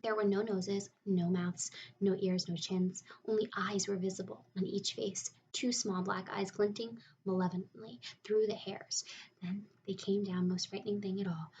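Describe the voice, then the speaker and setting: A woman narrating a children's novel aloud with expressive storytelling. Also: mid-range voice, moderate pace, far from the mic, slight background noise, poor audio. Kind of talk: audiobook reading of a children's novel.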